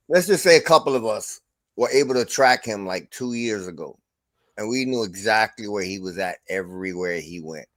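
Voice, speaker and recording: A man's voice: on the low side, no room sound. Profane laughing man telling stories. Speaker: stream host. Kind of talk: casual livestream chat.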